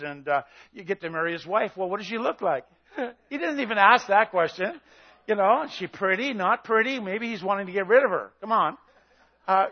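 A man preaching an intense, shouted sermon who acts out the voices in his story. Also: high voice, muffled recording. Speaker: pastor.

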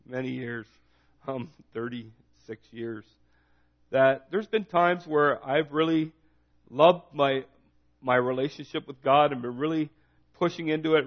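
A man in his forties preaches with a fairly high voice, telling stories and hammering home points through repetition. The recording sounds dull and lo-fi. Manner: storytelling with emphatic repetition. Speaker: pastor. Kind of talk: sermon.

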